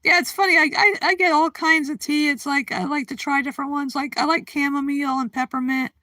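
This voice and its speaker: High, bright-voiced giggly woman streamer. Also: steady tone, fairly quick, no room sound. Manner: chatty and giggly, greeting viewers by name; drowsy, yawning. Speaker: livestream host. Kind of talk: casual chat with live viewers.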